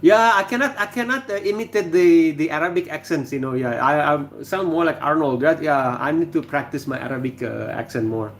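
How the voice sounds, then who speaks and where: A man from Indonesia with an Indonesian accent, hosting a casual livestream and reading out viewer comments in a hesitant, chatty way with many restarts and throat-clears. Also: on the high side, fairly quick, hardly any pauses, a little hiss or hum. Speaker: livestream host.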